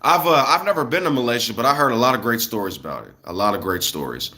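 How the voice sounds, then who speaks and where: A man's voice: medium pitch, expressive, quick pace, pushed and bright. Blunt rambling man in his thirties. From United States. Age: 30s. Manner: loose, rambling, slangy and blunt. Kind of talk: casual rant to viewers.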